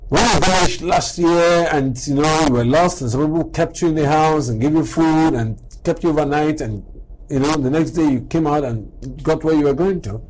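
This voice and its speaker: A man's voice: a little high, normal speed, rough recording. A middle-aged man giving a motivational talk as a doctor. He tells stories, acts out the exchanges he quotes and fires off rhetorical questions. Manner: animated storyteller, acting out quoted exchanges and firing rhetorical questions.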